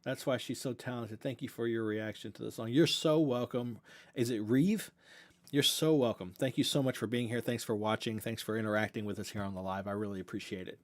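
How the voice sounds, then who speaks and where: A man's voice: mid-range voice, steady tone, a little fast. Southern guy hosting a live q&a, rambles, restarts a lot, earnest, sounds young. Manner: rambling, self-correcting, earnest and grateful. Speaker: reaction channel host. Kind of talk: casual livestream Q&A chat.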